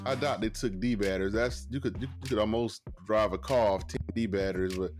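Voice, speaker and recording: A man's voice: lowish voice, steady tone, brisk, over music. A man with a Southern accent from Georgia, co-hosting a podcast in easygoing casual chat. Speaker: podcast co-host.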